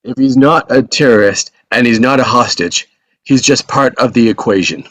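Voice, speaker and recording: A man reading several police and FBI officials in a brisk, clipped tone, in a table read over a video call. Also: mid-range voice, a bit bright, lightly acted. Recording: dull dry video call audio.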